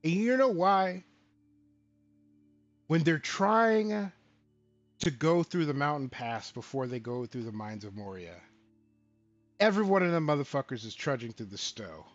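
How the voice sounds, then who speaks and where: A man co-hosting a casual show about tabletop games, talking in an animated, profane way and acting out lines of quoted characters. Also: a little high, measured pace, long pauses, no room sound, highs cut off, faint music behind. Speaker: podcast co-host. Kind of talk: casual tabletop game talk.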